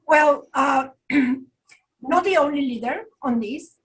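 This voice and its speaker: A woman panelist answering slowly and deliberately, clearing her throat. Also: high-pitched, a bit bright, low-quality recording.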